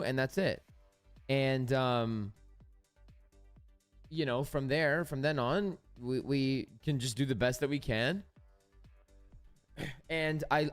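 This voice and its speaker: Smooth-voiced man hosting a casual live stream. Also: medium pitch, no echo. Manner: casual and blunt, swears, talks straight to the viewers. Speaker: live-stream trading host.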